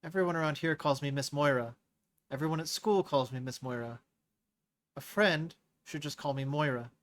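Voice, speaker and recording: A man's voice: fairly high pitch, normal speed, fairly bright tone, close to an everyday voice. Man putting on a tearful young girl. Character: tearful young girl alchemist apprentice, earnest.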